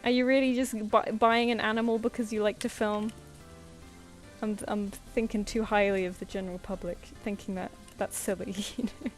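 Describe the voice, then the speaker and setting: A woman's voice: medium pitch, steady tone, normal speed, soft background music. A young woman chatting casually on a drawing stream, telling anecdotes with frequent laughs and acted-out quotes. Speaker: artist streaming live commissions.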